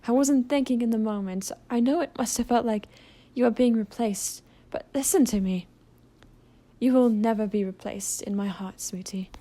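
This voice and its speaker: A woman plays a gentle aristocratic male owl demon father in a fan audio drama. He speaks softly and apologetically in a mellow, warm tone. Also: fairly high pitch, normal speed, hardly any pauses, voice pushed up, lightly acted. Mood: tender.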